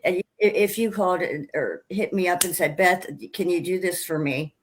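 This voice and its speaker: A woman hosting a book interview, effusive and animated as she tells how a book affected her. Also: fairly low pitch, normal speed, a little hiss or hum. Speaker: podcast host. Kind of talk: casual interview chat.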